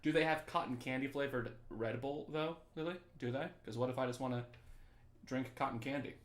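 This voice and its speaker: A man's voice: medium pitch, brisk, reverberant. A young male teacher casually chatting with students on a review livestream, joking and reading the chat aloud. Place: his apartment.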